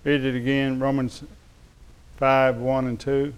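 A man's voice: mid-range voice, flat delivery, measured pace, clean tone. A man preaching a sermon as pastor, speaking emphatically and calling on the congregation to respond.

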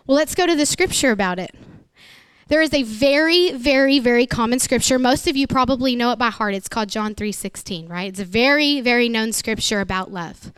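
Earnest woman preacher, high bright voice. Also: fairly quick, clean tone, no echo, clean studio sound. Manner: emotional, earnest, emphatic. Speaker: pastor. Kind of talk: sermon.

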